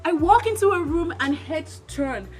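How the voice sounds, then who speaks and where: A woman's voice: very high-pitched, lively intonation, a little slow, a little mellow. A woman from Nigeria, giving opinionated vlog commentary in an emphatic way, full of rhetorical questions. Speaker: vlogger. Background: background music.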